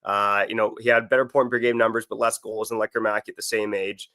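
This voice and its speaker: A man co-hosting a hockey podcast in casual chat, relaxed and hedging, with many fillers. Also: lowish voice, quick pace, no echo, clean studio sound. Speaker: podcast co-host.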